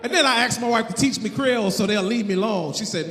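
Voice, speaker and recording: High-voiced, animated male stand-up comic. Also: quick pace, a crowd in the background. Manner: animated, loud, punchy. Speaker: stand-up comedian. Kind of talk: stand-up comedy. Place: live comedy venue. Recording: long hall reverb, faint noise.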